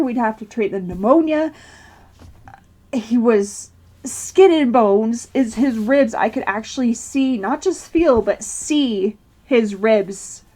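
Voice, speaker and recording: A woman's voice: fairly high pitch, mellow. A woman telling a personal story to camera, rambling with restarts and nervous laughter while tearful. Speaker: vlogger.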